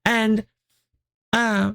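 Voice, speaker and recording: A woman streamer in casual chat, telling a story with lots of restarts, giggles and quick asides to her chat. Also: a little high, level tone, creaky, a bit bright, clean tone. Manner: reads chat aloud.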